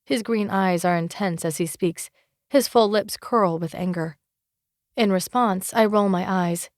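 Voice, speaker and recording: A woman narrating a fantasy romance audiobook in first person, wry and expressive, close to the mic. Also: medium pitch, unhurried, no echo.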